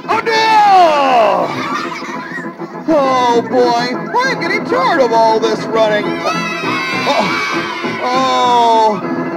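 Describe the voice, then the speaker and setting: Animated puppeteer leading a children's audience. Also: medium pitch, extremely slow, pauses often, a loud crowd, rough recording. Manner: animated, calls on the audience to join in. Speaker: puppeteer playing the zookeeper. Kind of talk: live children's puppet show. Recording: live show with audience and music.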